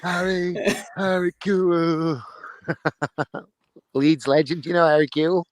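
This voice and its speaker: A man co-hosting a casual podcast. He tosses out crude jokes and laughs at his own lines. His voice sits fairly high. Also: little pitch movement, takes it slowly, no echo. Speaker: podcast co-host.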